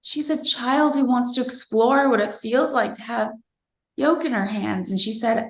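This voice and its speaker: A woman in her thirties recounts a personal moment in an unhurried, earnest and reflective way. Her voice has a gravelly, creaky edge. The sound carries a noticeable roomy echo. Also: a little high. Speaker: interviewee. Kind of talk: personal storytelling.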